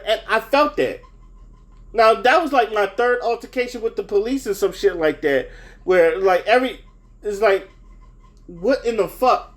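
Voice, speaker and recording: A young man with a notably high voice tells a casual story straight to the camera. His delivery rambles and circles back on itself, with profanity all through, and he sounds heated. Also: normal speed, a bit bright. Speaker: vlogger.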